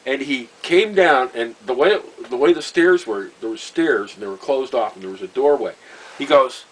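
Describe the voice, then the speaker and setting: A man, telling a personal story in a rambling, halting way, full of fillers and wry chuckles. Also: mid-range voice, slight background noise, poor audio. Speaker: vlogger. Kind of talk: casual storytelling monologue.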